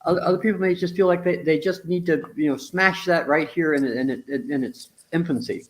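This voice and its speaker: A man's voice: on the high side, brisk. A man in a casual discussion, explaining ideas bluntly with restarts, mild swearing and acted-out quotes. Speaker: relationship teacher in a conversation.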